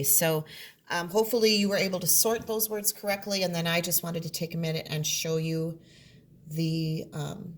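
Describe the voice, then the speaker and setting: A woman's voice: on the low side, moderate pace. A woman teaching a remote classroom lesson from home, explaining patiently step by step.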